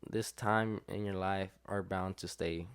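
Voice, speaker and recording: A man's voice: sits low, a little slow, smooth. Young man telling a rambling party story. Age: young adult. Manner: rambling, filler-heavy, acts out quotes with lively voices. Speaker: podcast guest. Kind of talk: casual storytelling chat.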